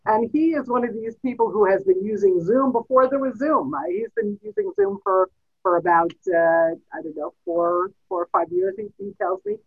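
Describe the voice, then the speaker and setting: Gravelly-voiced woman host on a tinny call. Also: high voice, big pitch swings. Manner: halting, repeats words while introducing speakers. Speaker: host of an online class. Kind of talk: hosting a video call. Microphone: video call. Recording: tinny phone-like video call audio.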